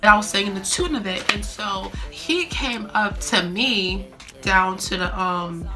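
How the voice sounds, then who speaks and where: A young adult woman vlogger telling a story in a chatty, animated way, full of fillers. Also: medium pitch, a little slow, faint music behind. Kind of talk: casual storytime.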